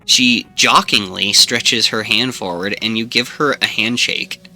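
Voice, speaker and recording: A man's voice: lowish voice, a little slow, bright, forceful tone, faint music behind. A young man streaming a story game, reading the narration and joking about it with frequent laughs. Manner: jokey, laughing, reads narration aloud. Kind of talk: let's play commentary, reading game text.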